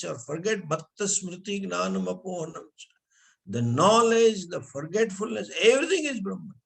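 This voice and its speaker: A man's voice: a little high, vocal fry. A man teaching a scripture class, asking rhetorical questions and reciting Sanskrit verses. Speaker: spiritual teacher.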